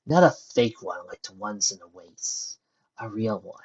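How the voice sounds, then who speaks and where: A gloating, sneering mad scientist pony, as a male reader puts him on, his husky voice dropping quiet and menacing. The sound is muffled and lo-fi, like a home recording. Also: fairly low pitch, lively intonation, a little slow.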